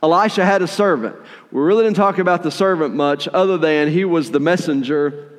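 A man preaching a sermon in a conversational, animated way, with playful asides while retelling a story. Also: on the high side, brisk, in a large hall. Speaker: pastor.

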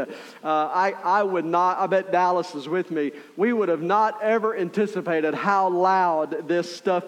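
A man preaching a sermon as pastor, telling the story in an animated way with acted-out voices and asides to the congregation. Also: high voice, in a large hall.

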